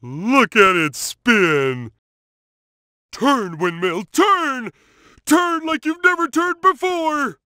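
An actor playing a dim, cheerful cartoon starfish who plays at being a superhero, with a goofy, childlike and emphatic way of talking. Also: male voice, sits high, sing-song, drawn-out words, pauses often, pushed and bright, dry recording, clean studio sound, heavily acted. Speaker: video game character. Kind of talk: cartoon game voice clips.

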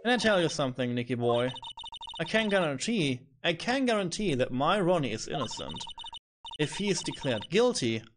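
A man's voice: big pitch swings, moderate pace, background noise. A man voicing a coy, mysterious woman who teases sweetly. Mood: teasing. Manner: lowered, sweetly teasing.

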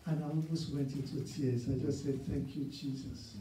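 A man's voice: medium pitch, steady tone, moderate pace, warm tone, slight background noise. A man in his sixties preaching a sermon as a guest preacher, telling personal stories earnestly with emphatic repeats. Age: 60s. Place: church sanctuary. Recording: roomy church sound from a distance.

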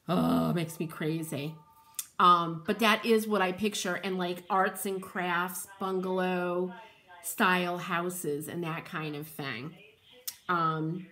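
A woman's voice: fairly low pitch, steady tone, takes it slowly, bright, forceful tone. A woman hosting a live painting demo, chatting with viewers and reading out their comments while she works, with playful asides and frequent laughs.

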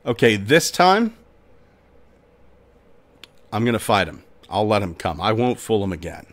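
A man's voice: on the low side, very animated, measured pace, fairly bright tone, voice pushed down. A man voicing a bold human hunter who taunts a stone giant across a river, in a mocking tone. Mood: resolved.

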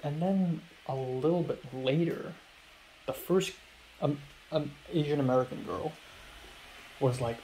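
A young man records a casual video diary in his apartment, wandering through the day's events with plenty of fillers and quoted dialogue. His voice sits at an ordinary middle pitch. A faint noise runs under the room. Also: fairly even intonation, unhurried, pauses often, warm tone, low-quality recording. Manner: rambling, filler-heavy retelling with acted-out quotes. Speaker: vlogger. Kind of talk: casual diary-style storytelling.

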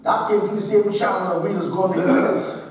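A man's voice: high voice, steady tone, quick pace. Man, preacher, sermon, emphatic repetition, long hall reverb, faint hiss. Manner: emphatic, repeating phrases for stress. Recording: echoey hall, distant mic, faint hiss.

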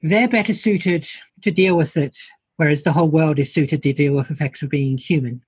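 Woman, podcast co-host, casual chat, thoughtful, very raspy voice, dry sound. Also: sits low, normal speed, darkish tone, dry recording.

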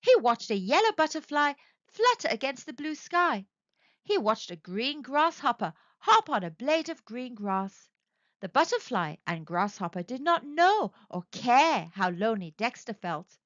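A woman narrating a children's story aloud in an expressive, sing-song way. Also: on the high side, unhurried, no echo, muffled recording.

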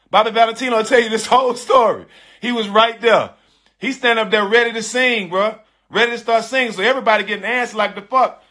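A middle-aged man hosting a podcast, telling a story casually in animated, profane slang and repeating his phrases. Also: high voice. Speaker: podcast host.

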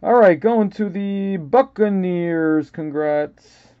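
A man's voice: high voice, slow, no echo, lo-fi sound. A man with a New York accent hosting a live card break, casually calling out player names and stumbling over some of them.

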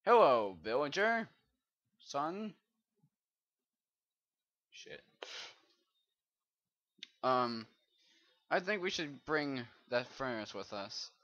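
A man's voice: medium pitch, sing-song, very slow, long pauses, a bit bright. Rambling, swearing gamer guy, lo-fi mic. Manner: rambling, swearing, muttering to himself. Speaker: gamer doing a let's play. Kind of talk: casual gameplay commentary. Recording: dull lo-fi mic.

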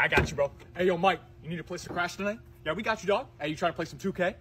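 A young man performing comedy sketches, switching quickly between characters with loud, energetic, slang-heavy banter. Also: sits high, music in the background.

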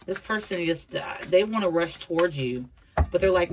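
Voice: medium pitch, animated, moderate pace, noisy background. An adult tarot reader giving a casual, blunt reading to viewers, repeating points and talking to them as a collective. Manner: chatty, repeats herself, addresses viewers as a collective; blunt, occasional swearing.

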